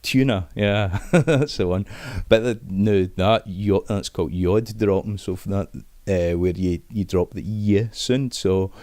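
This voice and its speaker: Scottish man, low voice, chatty interview talk, restarts, dry sound. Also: darkish tone, no room sound. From Scotland. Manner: chatty, many restarts and fillers, dialect words like aye and wee. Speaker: Scots language expert guest.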